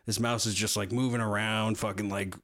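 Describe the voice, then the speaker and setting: A young man co-hosting a podcast, telling a story in casual, profane chat with animated swings in his voice. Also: lowish voice, a little fast. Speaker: podcast co-host.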